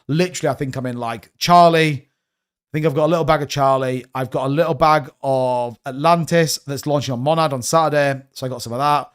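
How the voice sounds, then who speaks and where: A man's voice: mid-range voice, brisk, clean tone. A man hosting a casual crypto livestream, rambling through his holdings, correcting himself and answering questions from the chat.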